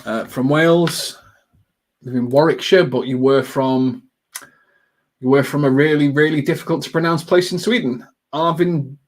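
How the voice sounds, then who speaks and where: Hosting a live football watchalong, this man chats loosely with his viewers in a mid-range voice. His talk wanders, packed with ums and punctuated by sudden excited reactions to the play.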